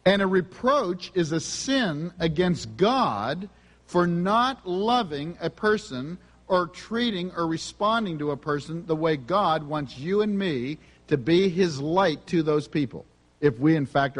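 A man's voice: a little high, expressive, unhurried, big-room sound. A man preaching a sermon, telling personal stories in an earnest, conversational way. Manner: earnest, conversational, self-confessing. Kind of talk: sermon storytelling.

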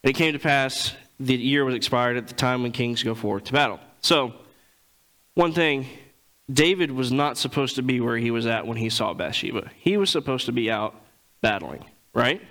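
A man preaching a sermon, reading scripture and retelling it in casual everyday speech, clearing his throat often. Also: mid-range voice, moderate pace, fairly bright tone, rough recording.

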